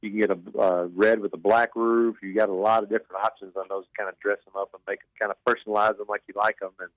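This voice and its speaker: Car dealer guest, lowish voice, dry sound, keen sales talk. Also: male voice, level tone, quick pace, no echo, rough recording. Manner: enthusiastic, filler-heavy, repeats himself. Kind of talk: sales pitch on radio.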